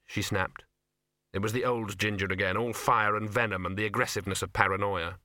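A man reading a comic novel as an audiobook, in a measured, dry manner. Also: fairly low pitch, fairly even intonation, sharp tone, no room sound. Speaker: audiobook narrator.

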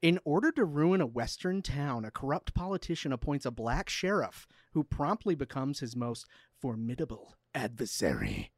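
A man's voice: medium pitch, moderate pace, dry recording, studio quality. A man co-hosting a casual movie podcast, goofy, reading plot summaries in a solemn tone. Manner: goofy, reads synopses in a flat solemn tone. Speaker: podcast co-host.

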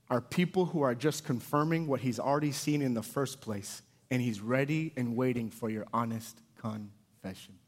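A pastor in his thirties preaches a sermon and tells stories, bursting out loudly before dropping to soft, low emphasis.

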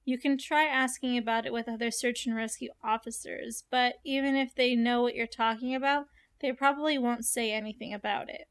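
A young woman hosting a casual chat, reading a story aloud and reacting with animated, curious asides. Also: a little high, brisk.

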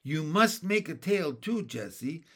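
A man's voice: a little high, sing-song, fairly bright tone, full character voice. A man reading Benny, an eager little boy. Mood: earnest. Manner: earnest, wheedling, slow.

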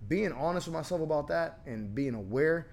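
A man's voice: a little high, animated, normal speed, vocal fry, slight background noise. A man talking candidly on a podcast, blunt and profane, acting out the people he quotes. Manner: blunt, profane, acts out quoted voices with laughter.

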